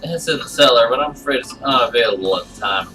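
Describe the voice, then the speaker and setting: A man reading aloud and voicing a creepy, hunched male butcher who runs an inn, speaking with a lisp and drawn-out, falsely innocent emphasis. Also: medium pitch, pushed and bright, far from the mic, faint music behind, natural voice, poor audio. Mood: sly.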